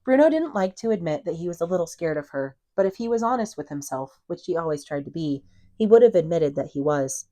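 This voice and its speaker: Female reader for a chapter book: low voice, calm and even, dry close sound. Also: fairly quick, dry recording. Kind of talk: reading a novel aloud.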